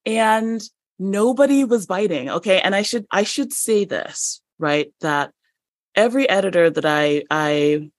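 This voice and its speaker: A woman guest on a podcast, a published writer, telling a story in a lively way and acting out the dialogue with small laughs. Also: mid-range voice, measured pace, no echo. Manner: animated, acts out dialogue in stories, frequent restarts and light laughs.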